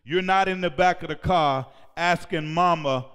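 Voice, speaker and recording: A man preaches in a big church sanctuary. His voice sits fairly high and often rises to a shout. He leads the congregation in call-and-response, and his words ring out with a long hall echo. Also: moderate pace, clean tone. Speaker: pastor. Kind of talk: sermon.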